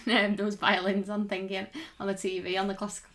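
A woman's voice: medium pitch, monotone, fairly quick, a bit bright. A woman co-hosting a podcast in giggly, teasing casual chat. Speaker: podcast co-host.

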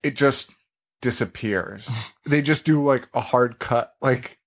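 This male podcast host has a medium-pitched, creaky voice and a slow pace. In a casual chat reviewing a horror movie, he gets animated, laughs, and acts out scenes and lines.

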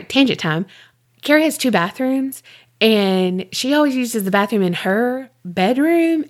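A woman co-hosting a podcast, telling a rambling story in animated casual chat, swearing and laughing often. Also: medium pitch. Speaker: podcast co-host.

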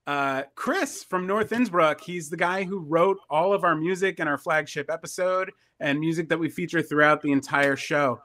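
A man's voice: a little high, moderate pace, hardly any pauses, sharp tone. Matter-of-fact quizmaster man. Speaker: host and quizmaster. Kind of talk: reading trivia questions.

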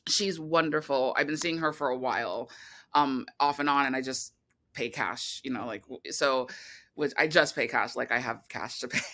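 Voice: medium pitch, moderate pace, bright, forceful tone. A filmmaker talking as a guest in an interview, rambling with many fillers and restarts. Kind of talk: casual interview talk.

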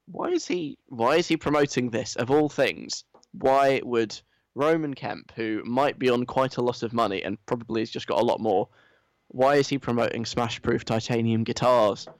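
A man's voice: mid-range voice, moderate pace, no room sound, clean studio sound. A man hosting a radio show, in a chatty, wry and mocking monologue. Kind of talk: casual comic radio monologue.

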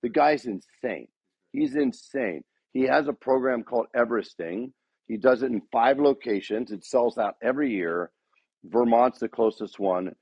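A man's voice: medium pitch, animated, normal speed, darkish tone, breathy edge, no echo, dull audio. A man giving a motivational talk to a sales team, rousing the room with repeated rhetorical questions. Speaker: speaker addressing a dealership sales team.

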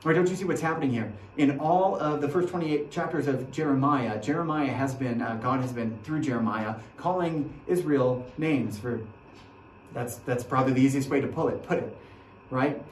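A man preaching a sermon as pastor, earnest, repeating his phrases, dropping to a hush and then rising to a rousing call. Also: medium pitch, moderate pace, a little hiss or hum. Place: church sanctuary. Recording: echoey church from a distant mic.

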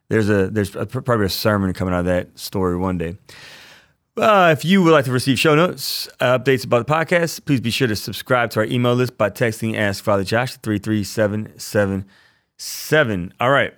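A man's voice: lowish voice, normal speed, no room sound, clean studio sound. A man, a priest hosting a podcast, teaching casually in an earnest, enthusiastic way, often repeating himself.

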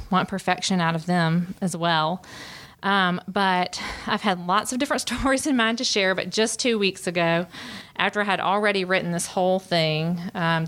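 A woman's voice: medium pitch, fairly bright tone. A woman, giving an earnest, confessional personal testimony with frequent fillers. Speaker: speaker sharing her testimony.

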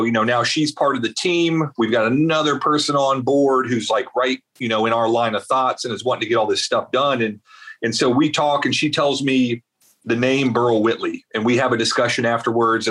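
This man is a guest in an interview, telling a winding story. He keeps stopping to restart and add little asides, and his voice sits at a middling pitch. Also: brisk. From South Carolina. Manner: rambling, animated storyteller with many fillers. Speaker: veterans advocate guest.

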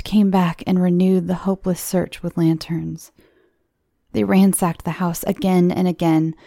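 A woman reading a horror story aloud in a hushed, near-whispered storytelling voice. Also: lowish voice, vocal fry, dry recording, clean studio sound. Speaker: narrator.

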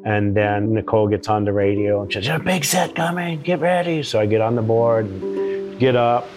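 A man telling a story in a relaxed, rambling way, as a guest in a casual talk. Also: a little high. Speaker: big wave surfer guest.

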